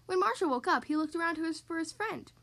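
A woman with a high, lively voice reading a picture book aloud to young kids. Her pitch rises and falls a lot as she tells the story, bright and expressive the whole way through. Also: quick pace. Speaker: podcast host reading to kids.

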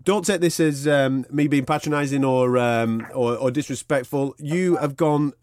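A man's voice: mid-range voice, darkish tone, no echo. A male radio host with a jokey, matey way of talking, running a casual boxing interview from a studio mic. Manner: jokey, matey, rapid chatter.

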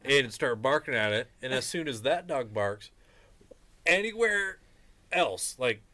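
Bright-voiced easygoing man. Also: mid-range voice, lively intonation, measured pace, no room sound. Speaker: podcast co-host. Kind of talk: casual chat.

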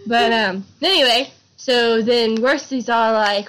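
A woman's voice: fairly high pitch, unhurried, few pauses, fairly bright tone, low-quality recording. A woman, co-hosting a casual book chat, retelling a story playfully and slipping into silly voices. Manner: playful, laughs often, slips into silly voices. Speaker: book podcast co-host.

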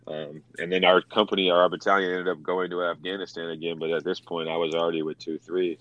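A man's voice: deep voice, quick pace, dry recording, dull audio. A young man, a former Marine, telling stories in casual, profane talk and acting out the voices of others. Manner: animated, acts out quotes with swearing. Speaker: veteran guest telling war stories.

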